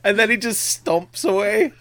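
A man's voice: sits high, measured pace, no echo. A man in casual chat, laughing often and chiming in as he retells a show. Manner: lively, laughs often, chimes in with agreement.

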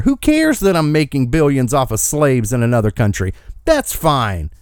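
A male podcast host rants with angry emphasis, his pitch swinging widely from line to line. The recording is dry and close, with no room sound. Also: very animated, normal speed, clear, resonant tone, no echo. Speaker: commentary host. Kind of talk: opinion podcast monologue.

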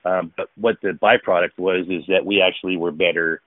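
Male co-host, low voice, loose rambling chat, dry close sound. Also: fairly even intonation, brisk, no room sound. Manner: rambling, many fillers and restarts. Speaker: podcast co-host, former pro baseball player. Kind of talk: casual chat. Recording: phone-like narrow sound.

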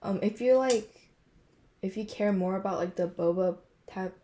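A woman's voice: medium pitch, mellow, slight background noise. A teenage girl co-hosting a casual podcast chat, hesitant and full of fillers. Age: teens. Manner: slow, hesitant, many fillers and giggles. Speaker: podcast co-host.

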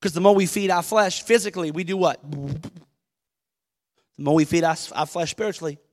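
A man's voice: high-pitched, brisk, long reverb tail. A man in his thirties, a pastor, preaching a conversational sermon, quoting scripture and asking the congregation questions. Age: 30s. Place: church sanctuary.

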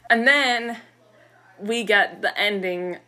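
A woman's voice: medium pitch, takes it slowly. A woman co-hosting a podcast, telling a film's story in casual chat, acting out the characters' lines and saying "like" a lot. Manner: animated storytelling, acts out characters' lines, many "like" fillers. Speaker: podcast co-host recapping a film. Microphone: studio microphone.

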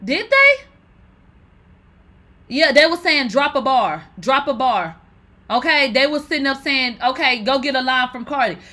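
A woman runs through celebrity fan drama in casual commentary. Her voice sits high and sounds bright and forceful. She talks in an animated, profane way with dramatic exclamations. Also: moderate pace. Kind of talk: casual pop-culture commentary.

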